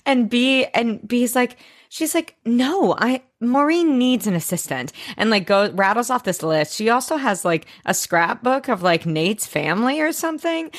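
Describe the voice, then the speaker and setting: A woman's voice: a little high, expressive, normal speed, few pauses, no echo, clean studio sound. A young woman co-hosting a podcast, chatting casually and swearing now and then as she recaps a TV show. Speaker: podcast co-host.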